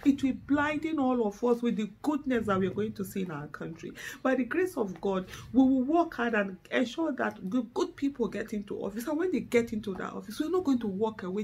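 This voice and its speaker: A woman's voice: on the high side, animated, moderate pace, hardly any pauses, a little hiss or hum. A middle-aged Nigerian woman with a Nigerian accent, delivering an impassioned, emotional speech to camera, fervent and close to tears. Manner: fervent, rising to exasperated outbursts. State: tearful, close to breaking down. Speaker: activist.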